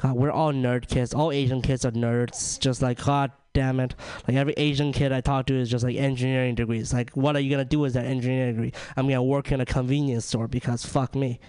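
A man's voice: mid-range voice, little pitch movement, fast talker, hardly any pauses, darkish tone, clear, resonant tone. A young man from China doing a ranting, self-deprecating stand-up comedy set, leaning on "like" and "right?". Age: young adult.

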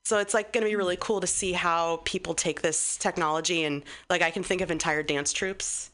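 A woman's voice: fairly low pitch, steady tone, brisk, a bit bright. A woman in her thirties chatting enthusiastically as a radio guest, rambling and restarting as she goes. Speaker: guest musician. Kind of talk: casual radio chat.

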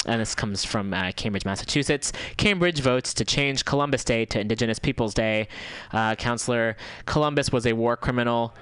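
A man's voice: on the low side, a bit bright, smooth, dry recording. A male community radio host casually wrapping up his show in a studio and reading news articles aloud. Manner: casual, chatty, reads articles aloud with fillers. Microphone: studio microphone.

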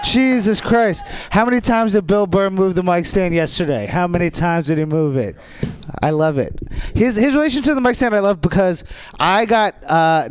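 Guy doing dark crude standup, kinda high voice, smooth and clear, rambles offhand. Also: no room sound. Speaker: stand-up comedian. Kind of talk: stand-up routine on a radio show.

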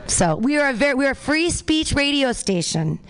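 Lively, offhand open mic host. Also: sits high, moderate pace, a little hiss or hum. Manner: offhand, loose, swearing banter. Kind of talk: emcee introductions. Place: open mic comedy show.

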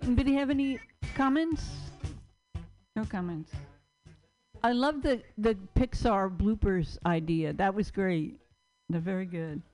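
A woman's voice: mid-range voice, unhurried, pauses often, a little mellow, faint music behind. A woman hosting an open-mic comedy night, upbeat as she introduces the acts. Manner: upbeat, cheering on the room.

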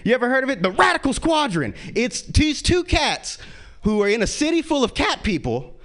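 A man doing a stand-up comedy set, profane and animated, jumping into quick character bits. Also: very high-pitched.

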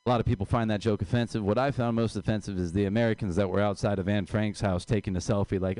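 A man's voice: on the low side, steady tone, fast talker, hardly any pauses, darkish tone, no room sound. A man doing a stand-up comedy set in a dry, self-mocking way. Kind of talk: stand-up set at open mic.

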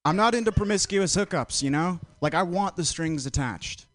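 A man doing stand-up one-liners on a comedy club stage with a dry, deadpan delivery. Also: high voice, normal speed, a little hiss or hum. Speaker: stand-up comic.

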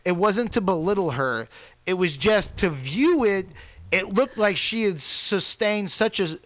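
A man's voice: high voice, lively intonation, unhurried, fairly bright tone. Brash, profane man telling crude stories. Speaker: podcast co-host, comedian. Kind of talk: crude comedic storytelling.

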